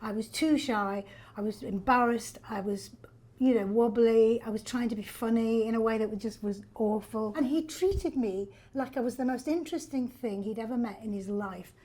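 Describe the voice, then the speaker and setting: Lively older actress. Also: female voice, fairly high pitch, moderate pace. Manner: lively, self-deprecating, laughs often. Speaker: stage actor. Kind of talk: backstage storytelling. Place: theatre backstage.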